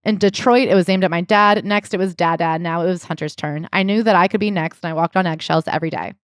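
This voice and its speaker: A woman co-hosting a casual book club podcast, animated and jokey, sometimes reading passages aloud. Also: fairly low pitch, fast talker, no echo, studio quality. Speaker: podcast co-host.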